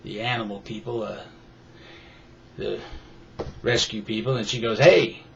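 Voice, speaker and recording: A man telling a long joke casually, rambling and halting with fillers. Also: fairly low pitch, little pitch movement, a bit bright, husky, muffled recording. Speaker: joke teller.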